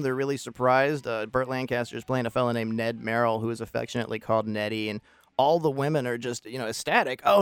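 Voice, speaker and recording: A man's voice: medium pitch, clean tone. Man rambling through a film review. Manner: opinionated, rambling, wry asides. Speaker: podcast host reviewing a film. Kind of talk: casual solo film review monologue.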